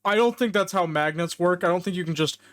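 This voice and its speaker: A man's voice: high-pitched, fast talker, fairly bright tone. A man co-hosting a podcast, laughing often and dropping dry sarcastic asides in casual chat. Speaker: podcast co-host.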